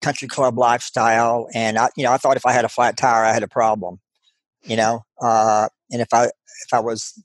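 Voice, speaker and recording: A middle-aged man with a Texan accent, earnestly telling a personal story as an interview guest, halting and restarting often. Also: mid-range voice, flat delivery, no room sound.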